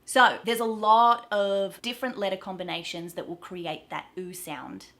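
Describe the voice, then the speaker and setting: A woman's voice: on the low side, fairly bright tone. A woman with an Australian accent teaching pronunciation to camera, upbeat and explaining carefully, drawing out each example word. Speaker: accent coach.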